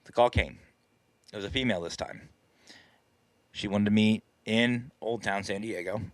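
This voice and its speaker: A man's voice: fairly low pitch, moderate pace, no room sound. A man hosting a live stream, casually telling a story in a chatty, self-deprecating way and laughing often. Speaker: paranormal team leader and live stream host.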